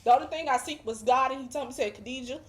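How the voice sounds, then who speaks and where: A woman with a fairly high voice gives a heartfelt religious testimony as a guest. She speaks emphatically and drives her points home with preacher-like repetition. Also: quick pace. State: emotional, near tears at times.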